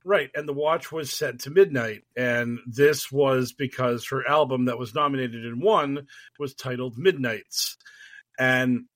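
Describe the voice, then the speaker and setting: A man co-hosting a podcast, explaining a topic in a measured, casual way. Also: medium pitch, a bit bright, no echo. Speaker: podcast co-host.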